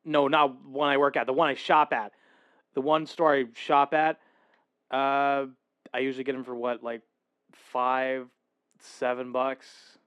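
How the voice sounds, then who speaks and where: A man's voice: medium pitch, level tone, unhurried, a bit bright, smooth, highs cut off. A man streaming casually for his viewers, rambling, correcting himself and laughing as he reacts to a video.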